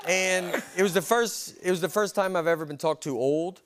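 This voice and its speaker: A man in his forties with a Southern American accent, telling rambling self-deprecating comedy stories in a deadpan way, as a guest on a TV talk show. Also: a little high, moderate pace. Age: 40s. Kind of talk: deadpan storytelling chat. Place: TV studio with audience. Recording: TV studio with audience noise. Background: audience noise.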